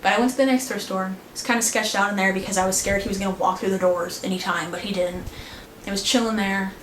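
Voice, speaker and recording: A woman's voice: mid-range voice, steady tone, fast, fairly bright tone. A young woman vlogger telling a story in casual chat, filling her talk with "like". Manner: chatty, frequent "like" fillers. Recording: echoey room with faint noise.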